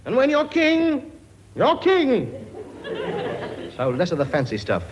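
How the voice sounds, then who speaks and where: A man's voice: very high voice, wildly swooping pitch, slow pace, dull audio, a crowd in the background. A man playing a blustering, brash king in a comedy sketch. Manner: blustering, brash, mock-regal. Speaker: comic actor playing a king. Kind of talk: comedy sketch with studio audience.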